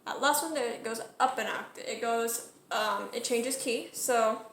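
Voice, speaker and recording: A woman's voice: fairly high pitch, a little slow, gravelly, roomy sound. A woman talking through how she builds her song cover in a casual tutorial, chatty and correcting herself as she goes. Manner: chatty, self-correcting, sings short phrases to demonstrate. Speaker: music cover creator.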